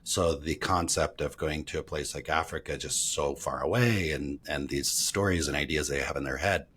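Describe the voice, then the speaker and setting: A man's voice: extremely low pitch, normal speed, fairly bright tone, a little hiss or hum. An American man hosting a travel podcast, asking long, curious, rambling questions. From United States. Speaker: podcast host. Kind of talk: casual interview questions.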